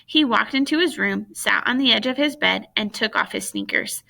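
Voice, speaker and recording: A woman reading a children's book aloud in plain, steady storytelling. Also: a little high, moderate pace, vocal fry, hardly any pauses. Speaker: audiobook reader.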